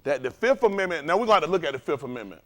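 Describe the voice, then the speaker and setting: A man's voice: fairly high pitch, big pitch swings, very fast, fairly bright tone. A man teaching a religious study group in a fiery preaching style, profane and provocative, firing rhetorical questions at the room.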